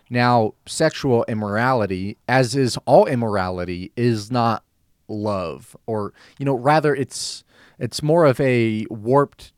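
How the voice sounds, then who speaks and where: A man's voice: mid-range voice, dry recording, clean studio sound. A young man hosting a radio show, giving an earnest Bible teaching monologue and telling a personal story in a conversational way.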